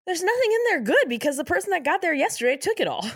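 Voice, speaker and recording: A woman's voice: very high-pitched, sing-song, fast, no echo, studio quality. A woman co-hosting a podcast who reads out episode facts in casual chat and giggles often. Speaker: podcast co-host.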